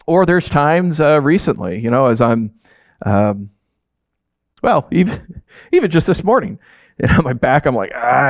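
A man in his thirties preaching a sermon to his congregation, talking in a relaxed, animated way with frequent "right?" asides. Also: mid-range voice, dry recording. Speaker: pastor.

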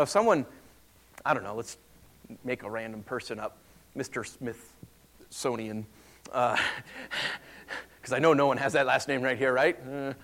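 A man preaching in a loose, conversational way, with a voice pitched a little high. He gets animated and acts out the voices he quotes. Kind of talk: sermon.

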